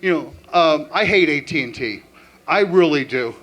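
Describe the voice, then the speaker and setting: A man performing a stand-up comedy set with an animated, punchline-driven delivery. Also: fairly high pitch, moderate pace.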